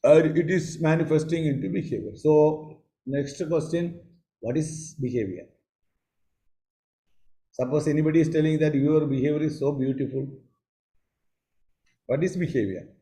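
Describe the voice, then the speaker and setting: Male teacher, video-call lecture, mellow higher voice, halting and repetitive. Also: poor audio. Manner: halting, repeats phrases, asks the class questions. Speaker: psychology teacher. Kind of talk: online class lecture.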